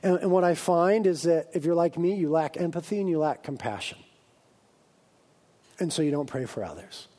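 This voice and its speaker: Man, pastor, sermon, animated, playful, high voice. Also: moderate pace. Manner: animated, acts out comic voices of his congregation.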